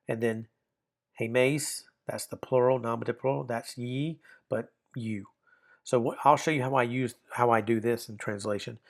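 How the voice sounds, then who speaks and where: Man teaching a relaxed online lesson. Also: mid-range voice. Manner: explanatory, repeats and rephrases himself with fillers. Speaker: Greek grammar teacher.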